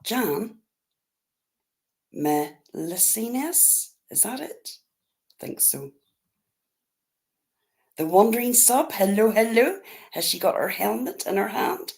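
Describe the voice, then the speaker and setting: A woman's voice: medium pitch, sing-song, slow, creaky, pauses often, a little mellow. A woman with a Northern Irish accent hosting a casual livestream, chatting and greeting her viewers one by one. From Northern Ireland. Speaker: livestream host.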